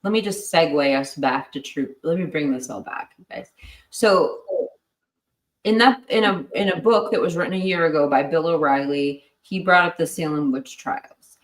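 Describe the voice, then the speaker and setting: A woman hosting a true crime livestream, chatting casually and steering the talk. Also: low voice. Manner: quick to laugh, steers talk back on topic. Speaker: true crime channel host. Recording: echoey room, voice far from mic.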